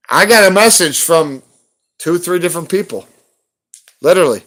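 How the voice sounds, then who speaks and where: A man's voice: high-pitched, fairly bright tone. A man on a live stream, ranting heatedly at someone and cursing constantly in a confrontational way. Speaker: livestreamer hunting for rare banknotes.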